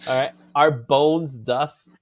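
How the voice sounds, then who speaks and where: A man hosting a casual comic book chat, animated and laughing often, drawing out his exclamations. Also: medium pitch, takes it slowly, no echo, studio quality. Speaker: comic book show host.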